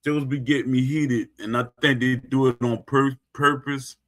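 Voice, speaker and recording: Ranting casually on his own gaming talk stream, this host keeps hammering and repeating his points, frequently starting sentences over. He has a mid-range, slightly bright voice with a steady tone, a moderate pace, and hardly any pauses.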